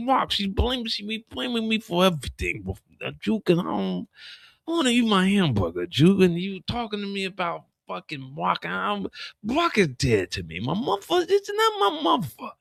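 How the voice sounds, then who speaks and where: A man's voice: fairly high pitch, vocal fry, no room sound. A man impersonating a sulking young male street hustler who mumbles, slurs like he is drunk and keeps whining a friend's name. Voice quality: slurred, mumbling, drunk-sounding. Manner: whiny, repeats "Juke" constantly.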